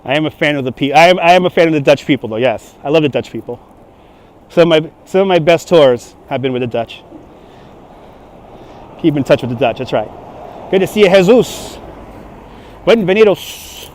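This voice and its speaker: Walking city streets outdoors, a man with a light New York accent gives a casual livestream tour, responding to viewers' comments along the way on a handheld phone mounted on a gimbal. His slightly high, a little mellow voice has lively intonation and a slightly fast pace with frequent pauses.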